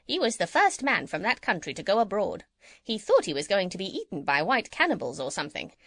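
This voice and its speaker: A woman's voice: mid-range voice, a little fast, full character voice. A woman reading an audiobook and voicing a chatty, gossipy female parrot. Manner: lively, chattering storytelling. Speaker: audiobook reader. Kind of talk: children's audiobook character reading.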